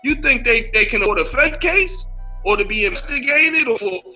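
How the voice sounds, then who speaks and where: Bright high-voiced man debating emphatically. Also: lively intonation, moderate pace, highs cut off, faint music behind. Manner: emphatic, repetitive restarts. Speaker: podcast co-host. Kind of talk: casual debate on a podcast.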